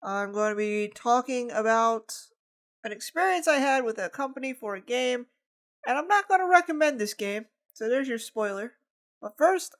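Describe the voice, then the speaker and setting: A woman hosting a board game unboxing channel, talking casually with emphatic rants and joking asides. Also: a little high. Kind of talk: casual review monologue.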